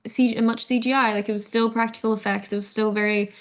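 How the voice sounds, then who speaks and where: A woman's voice: fairly high pitch, level tone, fast talker. A young adult woman with an Australian accent, chatting casually as an actress guest in an interview, with many fillers and restarts.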